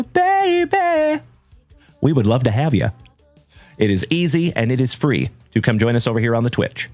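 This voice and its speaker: A man hosting a live trading-card stream, chatting warmly with viewers and giving shout-outs. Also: medium pitch, no room sound. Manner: hearty, shout-outs full of "my brother" and "my man". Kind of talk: upbeat livestream chat with viewers.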